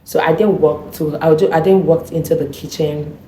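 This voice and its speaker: A woman vlogger telling a personal story in an animated, indignant way, acting out the dialogue. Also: deep voice, moderate pace, slight background noise. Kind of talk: storytime monologue. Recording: echoey room.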